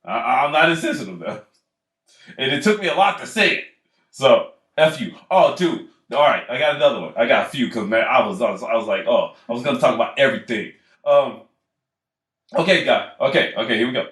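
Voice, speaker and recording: A man's voice: mid-range voice, animated, fairly quick, fairly bright tone. A man on a casual podcast, telling stories in a rambling, profane way and laughing often. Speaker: podcast co-host. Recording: echoey room.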